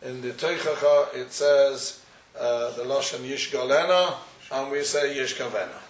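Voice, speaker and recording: A man's voice: mid-range voice, flat delivery, unhurried. Echoey man giving a Talmudic lecture. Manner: questioning, argumentative study-hall cadence. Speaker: Torah teacher. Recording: echoey room, far from the mic.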